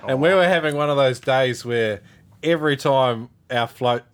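A man tells a story in loose, casual conversation. He swears easily and laughs as he goes, with a voice of everyday pitch for a man. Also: moderate pace, clean tone. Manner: laid-back, swears casually, laughs while telling stories.

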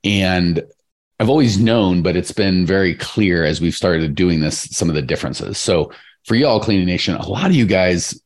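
Male podcast host, very low voice, chatty and rambling, high energy. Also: normal speed. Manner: energetic, rambling, addresses listeners directly. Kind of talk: casual podcast chat.

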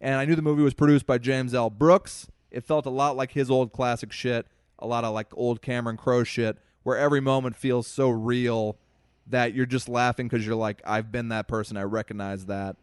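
A man with a steady, slightly mellow mid-range voice talks at a normal pace, recorded cleanly in a studio with no echo. He's a podcast co-host chatting casually, swearing freely, and telling stories to listeners he calls "folks."

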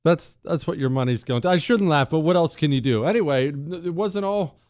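A man's voice: fairly high pitch, normal speed, no echo, studio quality. A man hosting a talk radio show, mocking and opinionated, reading ads and reacting to clips. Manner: sarcastic, mocking, animated.

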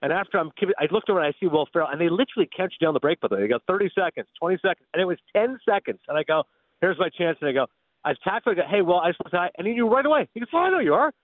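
A man telling lively anecdotes as a guest analyst, laughing as he talks, calling in on a phone hotline. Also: sits high, rapid-fire, no echo. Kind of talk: animated anecdote storytelling. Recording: tinny phone line.

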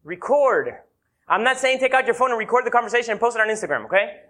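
A man preaching a sermon as a pastor, telling playful stories and slowing down hard to stress his points. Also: very high voice. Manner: animated, playful storyteller who slows down for emphasis. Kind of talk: sermon with humorous anecdotes.

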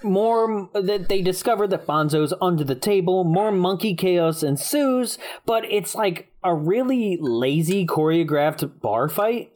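A woman's voice: lowish voice, lively intonation, measured pace, hardly any pauses, darkish tone. A woman co-hosting a casual movie recap, rambling through the plot and laughing often. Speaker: podcast co-host.

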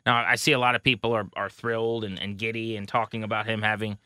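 A man co-hosting a baseball podcast, casually rattling off pitching stats with a wry edge. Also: flat delivery, fast, pushed and bright, no echo, clean studio sound. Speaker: podcast co-host. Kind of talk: casual sports talk.

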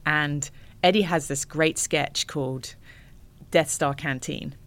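An ocean rower appears as a guest in a casual interview, telling animated stories and laughing often. Her voice sits low and she talks slowly.

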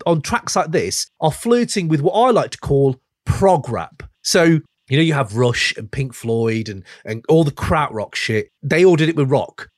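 An excitable man talks through a casual podcast chat, his slightly raised voice leaping up and down as he gets carried away. He swears freely and sounds thoroughly enthusiastic. The sound is dry and close to the mic. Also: a little high, no echo. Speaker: podcast host.

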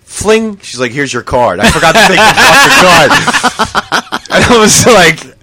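A man co-hosting a casual talk show, telling a comic story in an animated, profane way and acting out both sides of it. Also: high voice, unhurried, slightly rough, dry recording. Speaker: podcast co-host.

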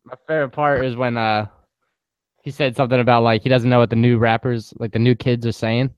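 A man co-hosting a podcast in casual chat, animated and slangy, full of fillers. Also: medium pitch, fairly quick, smooth, no room sound, muffled recording. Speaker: podcast co-host.

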